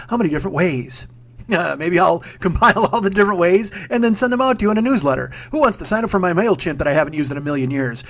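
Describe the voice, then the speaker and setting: A man in his forties hosting a casual solo podcast from home, rambling, swearing and mocking himself. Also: high-pitched. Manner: profane, rambling, self-mocking. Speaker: podcast host. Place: home room with a humming ceiling fan. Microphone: sock-covered mic, speaking a bit back from it.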